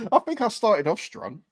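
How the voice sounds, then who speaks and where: A man bantering on a casual podcast, his pitch rising and falling a lot as he jokes. The mic is close and dry, with no room sound. He keeps drifting into goofy put-on voices. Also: breathy edge, no room sound. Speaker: podcast co-host.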